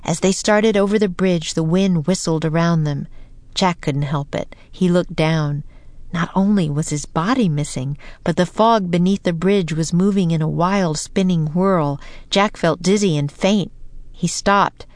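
A woman narrating a children's storybook in a calm, measured way, slowing for suspense. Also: fairly low pitch, no echo. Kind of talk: storybook reading.

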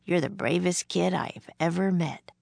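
A woman reading aloud and voicing a steady, caring young boy who speaks calmly and softly. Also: fairly low pitch, measured pace, creaky, no room sound, exaggerated voice. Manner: calm, soft-spoken.

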